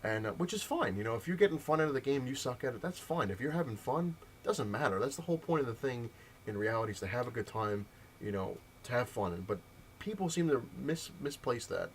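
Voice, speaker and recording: A man ranting in a casual vlog, telling a story with heated, animated mimicked dialogue. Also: mid-range voice, a little fast, slight background noise. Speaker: comic collector vlogger.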